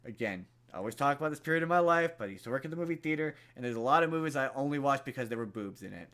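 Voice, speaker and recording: A man's voice: mid-range voice, lively intonation, very fast, a bit bright. A young man co-hosting a podcast, casually retelling a movie plot with lots of fillers and restarts. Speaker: podcast co-host. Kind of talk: casual chat.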